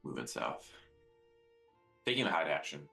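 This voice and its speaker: A man's voice: rumbling low, sing-song, normal speed, creaky, sharp tone, faint music behind. A man playing a tabletop game, talking in a casual, laid-back way with fillers. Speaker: player. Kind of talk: tabletop role-play chat.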